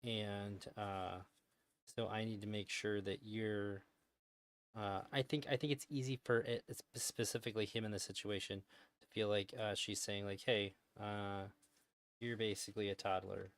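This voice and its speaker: A man gives casual commentary while reviewing a clip on his stream, rambling with lots of pauses and restarts and laughing often. His voice is lowish and steady in tone, with no echo.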